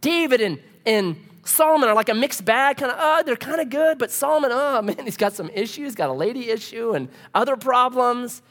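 A pastor preaching a casual, humorous sermon, full of rhetorical questions. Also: male voice, very high-pitched, expressive, brisk, hardly any pauses, fairly bright tone.

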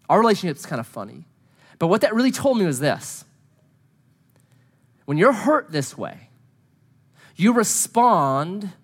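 Earnest man preaching with a higher voice. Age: adult, married. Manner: earnest, drops to hushed low tones then builds to emphatic pleas. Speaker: speaker addressing a gathering. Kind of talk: personal testimony sermon.

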